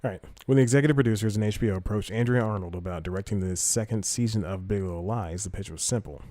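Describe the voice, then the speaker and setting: A man's voice: fairly low pitch, quick pace, dark tone, dry recording. A man hosting a comedy podcast, rambling through news stories in a casual way, correcting himself often and reading articles aloud. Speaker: podcast host.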